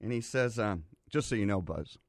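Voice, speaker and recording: A man's voice: fairly low pitch, lively intonation, moderate pace, a little hiss or hum. A man telling an anecdote on a chat show, acting out other people's lines as he goes. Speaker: show regular telling a story. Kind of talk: casual studio chat.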